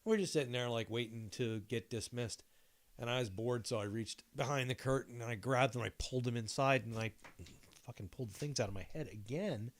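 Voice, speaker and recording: A man's voice: medium pitch, brisk. A middle-aged man co-hosting a podcast, telling a long, profane, rambling story in casual chat. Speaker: podcast co-host.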